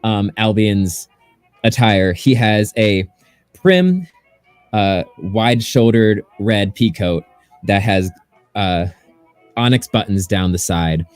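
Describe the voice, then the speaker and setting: A man acting as game master, narrating a tabletop game in a relaxed way full of fillers. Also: fairly low pitch, slow pace, clean tone, no echo, faint music behind.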